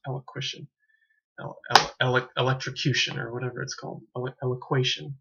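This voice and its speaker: A man's voice: mid-range voice, level tone, fast, gravelly, sharp tone, slight background noise. A man casually reviewing a film, rambling and correcting himself as he stumbles over words. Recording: dull lo-fi home recording.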